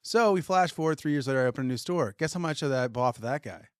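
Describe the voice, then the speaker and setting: A man's voice: medium pitch, fast, clear, resonant tone, no echo, studio quality. A man co-hosting a podcast, telling a story in casual chat and acting out what people said to him. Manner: animated storyteller acting out quotes. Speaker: podcast co-host, retailer.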